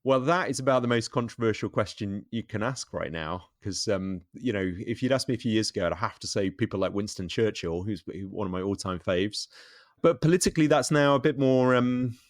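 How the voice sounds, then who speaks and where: A middle-aged British pastor chatting casually on a podcast, halting and self-deprecating, with frequent restarts. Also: male voice, on the low side, lively intonation, no room sound, studio quality. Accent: British English. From England.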